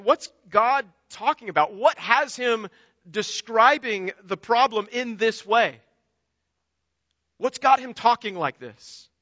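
A man's voice: high voice, bright, forceful tone, no room sound, highs cut off. A man preaching a sermon in an earnest, emphatic way, often repeating himself. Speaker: pastor.

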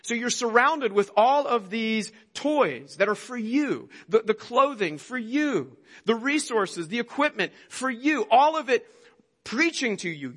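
A man with a notably high voice gives an earnest, conversational sermon, stumbling over and repeating words as he goes. His voice rings out with a long reverb. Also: animated, a little slow, fairly bright tone. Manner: earnest, conversational preaching with frequent restarts. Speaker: pastor.

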